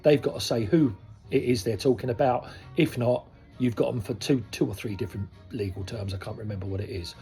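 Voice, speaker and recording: A man's voice: mid-range voice, fairly quick. A man in his sixties, a koi dealer, speaking frankly and casually to his viewers, rambling through asides. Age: 60s. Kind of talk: casual talk to camera. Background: soft soul music.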